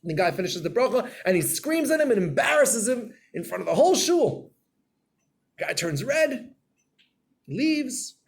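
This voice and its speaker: A man giving a Torah class in a storytelling way, acting out scenes and getting loud and animated. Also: very high voice, unhurried, creaky, breathy edge.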